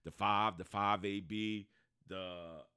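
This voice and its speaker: A man's voice: on the low side, slow, clean tone, no echo, clean studio sound. A man, co-hosting a podcast and telling a long story, acting out the people in it. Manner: animated storyteller, acts out quoted voices. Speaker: podcast co-host. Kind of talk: casual storytelling chat.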